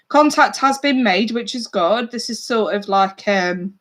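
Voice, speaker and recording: A woman giving live tarot readings to her viewers in a chatty, blunt way, swearing casually. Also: medium pitch. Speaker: tarot reader.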